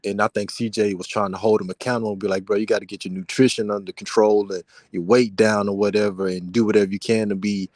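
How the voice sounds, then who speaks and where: A man with a fairly low voice chats casually about basketball in a laid-back, slangy way, calling everyone bro. The sound is dry and close, with no room around it. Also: level tone, quick pace, hardly any pauses, darkish tone, no echo.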